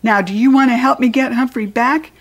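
A woman's voice: a little high, steady tone, fairly quick, highs cut off, pitched above the performer's own voice, close to an everyday voice. Woman voicing an anxious, earnest dad. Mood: firm. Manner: pleading, then firm and commanding. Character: anxious, earnest father of two.

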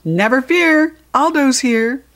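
A woman reading a storybook aloud, voicing a loud, cheerful male night janitor in a raised, jovial voice. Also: very animated, moderate pace. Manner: booming, jovial, high and bright.

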